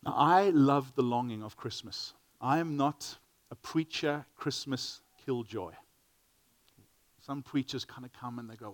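A man's voice: medium pitch, unhurried, dry recording. Earnest preacher man, dry close sound. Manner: earnest, repeats words when starting phrases. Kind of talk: sermon.

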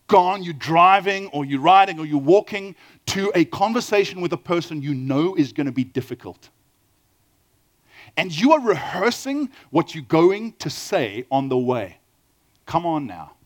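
A middle-aged man with a South African accent, preaching a sermon with lively storytelling and questions to the audience. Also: a little high. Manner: animated storytelling, asks the audience questions, acts out quoted dialogue. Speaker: pastor.

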